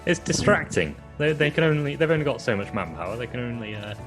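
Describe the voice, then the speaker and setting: A man playing a tabletop game on a stream, talking haltingly with amused restarts. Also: medium pitch, big pitch swings, music in the background. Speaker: player. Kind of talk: casual chat at a game table.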